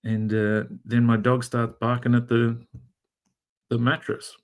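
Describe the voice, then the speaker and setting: A man's voice: mid-range voice, little pitch movement, measured pace. A middle-aged Australian man chatting casually on a drawing stream, telling rambling jokey stories full of fillers, from a converted garage room. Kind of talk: casual chat while drawing.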